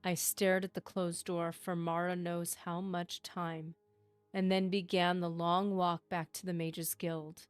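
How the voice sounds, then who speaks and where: A woman's voice: fairly low pitch, flat delivery, unhurried, smooth, no echo, faint music behind. Woman streamer reading a game book aloud. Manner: reads steadily, breaking off for chatty asides.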